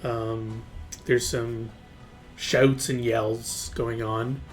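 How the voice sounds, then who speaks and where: A man's voice: medium pitch, little pitch movement, drawn-out words, faint music behind. A man running a tabletop game as game master, narrating casually with lots of fillers. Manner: casual, loose, full of fillers and hedges.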